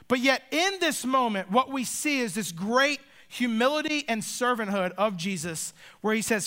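A man preaching a sermon as pastor, earnest and emphatic, with dramatic pauses. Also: very high-pitched, expressive, sharp tone.

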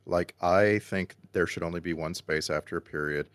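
Man, very low voice, pedantic, casual podcast chat, dry sound. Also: moderate pace, no room sound. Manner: fussy pedantic nitpicker. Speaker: podcast co-host.

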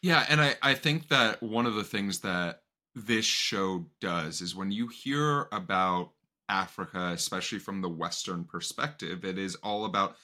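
A man hosting a podcast talks in quick, animated bursts, leaning on fillers and restarts. His voice sits on the low side, with a bright, forceful edge. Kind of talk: casual podcast discussion.

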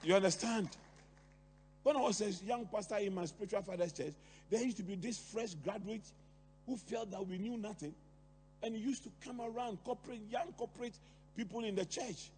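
A middle-aged man preaching a sermon, talking to the congregation with lively rhetorical questions and asides. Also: high voice, brisk. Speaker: pastor. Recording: long hall reverb, faint hum.

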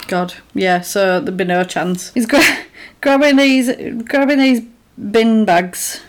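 A woman's voice: medium pitch, slow pace. A woman in casual chat, animatedly retelling a film plot and acting out the characters' lines. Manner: animated storyteller, acts out quotes.

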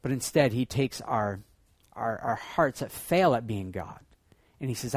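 A man preaching a sermon as pastor, swinging between loud excited bursts and hushed low passages. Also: unhurried, breathy edge, dry recording, clean studio sound.

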